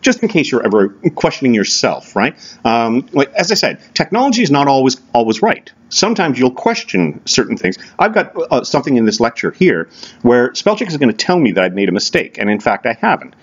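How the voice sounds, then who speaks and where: A man's voice: medium pitch, big pitch swings, brisk, slightly rough, dull audio. A man teaching a recorded English lecture in a casual, conversational way, often checking in with tag questions. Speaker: college English instructor.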